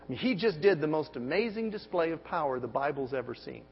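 A man in his forties preaching a sermon, emphatic, with big swings in pitch and loudness and many rhetorical questions. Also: lively intonation, quick pace. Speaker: pastor. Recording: dull sermon audio with long hall reverb and faint hum.

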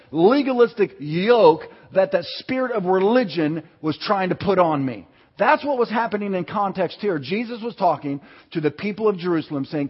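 A man's voice: high-pitched, husky. A pastor preaching a sermon, telling personal stories and asking his congregation questions. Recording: dull sound with long hall reverb.

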